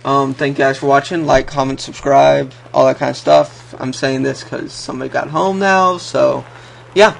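Gravelly young gamer. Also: male voice, medium pitch, fairly even intonation, moderate pace. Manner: chatty, talks to the game and himself. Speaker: gaming youtuber. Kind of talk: let's play commentary.

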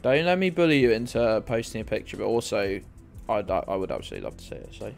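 A man's voice: fairly low pitch, very animated, quick pace, gravelly. A man streaming a geography game, chatting in a rambling way with his viewers and swearing freely. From United Kingdom. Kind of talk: casual game streaming chat. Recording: faint music underneath.

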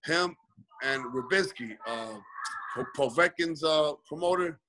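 This guest boxer speaks unhurriedly in a voice on the high side, with noise in the background. Interviewed by video call, he tells a long, rambling story full of "you know."

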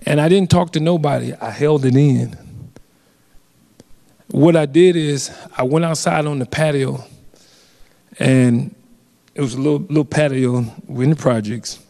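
An earnest man with a slightly high voice tells a personal story at a community forum. He speaks haltingly and often restarts and repeats his phrases. His voice carries a long reverb from a large hall. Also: creaky, mellow.

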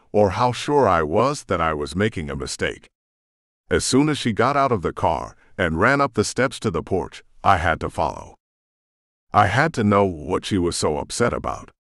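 A man narrating a romance audiobook in the first person, expressive and brooding. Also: low voice, dry recording, studio quality.

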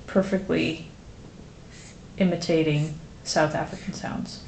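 Slow, gravelly Dutch woman streaming. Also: deep voice, fairly even intonation, darkish tone. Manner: rambling, many fillers, chats with viewers. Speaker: streamer drawing a graphic novel. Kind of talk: casual live-stream chat. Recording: roomy echo with faint noise.

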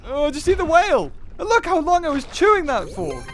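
Lively, high-voiced woman gaming. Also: a little fast, slight background noise. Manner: excitable, swings between low muttering and loud outbursts. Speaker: gaming channel host. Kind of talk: let's play commentary. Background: game music.

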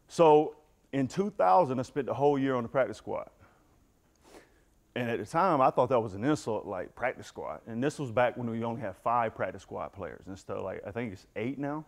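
Speaking fairly quickly in an animated, mid-range voice, a middle-aged motivational speaker tells a football team his own recovery story with candor, talking straight to the people in the room.

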